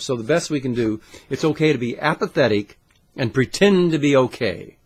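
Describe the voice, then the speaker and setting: A man hosting his own channel, ranting to camera with constant swearing, jumping between loud outbursts and muttered asides. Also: mid-range voice, animated, normal speed, breathy edge. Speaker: channel host. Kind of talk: profane conspiracy rant to camera.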